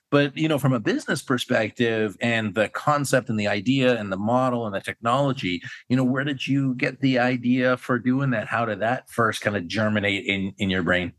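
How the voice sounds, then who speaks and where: A man hosting a podcast, chatting casually with his guest and filling pauses with "you know" and "uh". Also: mid-range voice, fairly bright tone. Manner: friendly and chatty, with fillers. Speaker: podcast host. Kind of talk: casual interview chat.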